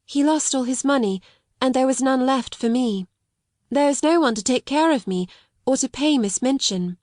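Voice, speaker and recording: A woman reading the part of a quiet, sad young orphan girl in an audiobook, steady and unrelenting. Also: high voice, normal speed, dry recording, clean studio sound, voice pushed up, close to an everyday voice.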